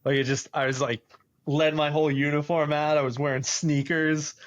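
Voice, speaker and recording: A man's voice: on the high side, normal speed, dry recording. A man, animatedly telling a personal story on a podcast and laughing often. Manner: animated, laughs often, acts out quoted voices. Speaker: podcast host. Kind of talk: casual storytelling.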